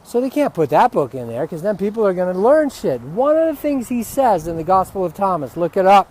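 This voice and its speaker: A man giving an unscripted spiritual teaching talk outdoors, ranting with heavy profanity and sudden loud outbursts. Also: high voice, sing-song, fairly quick. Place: outdoors near dogs.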